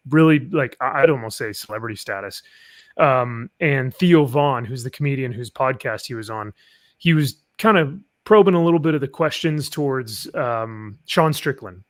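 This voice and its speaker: A man's voice: medium pitch, no echo. A man speaking as a panel guest in a casual discussion, earnest and sometimes searching for words.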